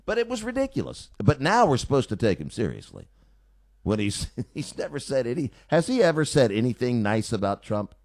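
A man's voice: medium pitch, wildly swooping pitch, brisk, creaky, a little mellow, dry recording. A man hosting a radio talk show, delivering a sarcastic, opinionated monologue from a studio on a studio mic.

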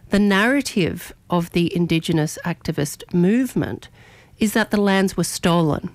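A woman hosting morning radio, delivering an opinionated editorial in a measured, argumentative way and stressing key words. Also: mid-range voice, darkish tone, no room sound. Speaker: radio host.

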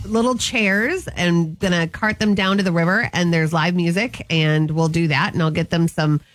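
A young woman co-hosting morning radio, telling stories in a playful, lively way. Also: lowish voice, moderate pace, no echo, faint music behind. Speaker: radio co-host.

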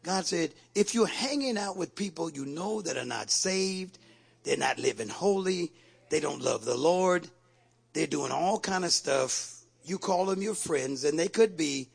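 A man's voice: on the high side, vocal fry, husky. A man preaching a sermon with fervor, repeating questions to his congregation and calling on them to respond. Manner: calls on the crowd for response.

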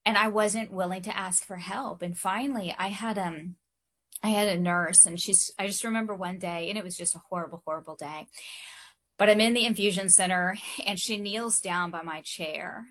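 A woman in her thirties speaks with a crisp, bright voice, pausing and restarting as she tells her story. Her delivery is earnest, broken by small laughs. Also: mid-range voice. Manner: earnest, halting, with light laughs. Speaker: interview guest. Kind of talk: candid personal storytelling.

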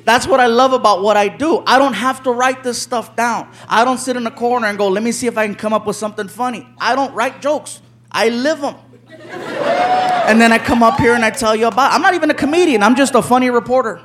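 A stand-up comedian telling a story on stage, animated and laughing as he acts it out. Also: extremely high pitch, brisk. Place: comedy stage before an audience. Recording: live club with loud crowd noise.

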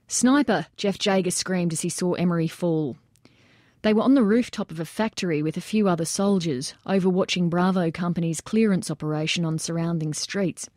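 A woman reading nonfiction narration aloud in steady storytelling style. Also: lowish voice, no room sound, studio quality. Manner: steady storytelling that acts out shouted quotes.

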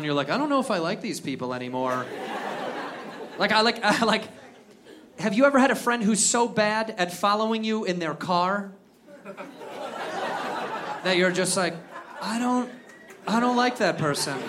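A young man doing a stand-up routine, animated and ranting, swearing and acting out voices. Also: high-pitched, noisy background. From United States. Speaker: stand-up comedian. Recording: live club with audience laughter. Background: crowd laughing.

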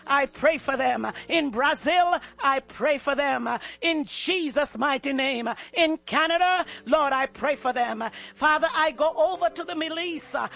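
A man preaching an impassioned sermon that turns into prayer, fervent and passionate, often pausing on "uh" between phrases. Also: extremely high pitch, creaky, bright, forceful tone. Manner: passionate, fervent, with repeated "uh" fillers.

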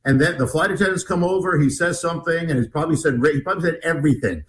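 A man telling a story in an interview, animated and rambling, with many restarts. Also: on the high side, quick pace, few pauses, rough recording. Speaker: guest author.

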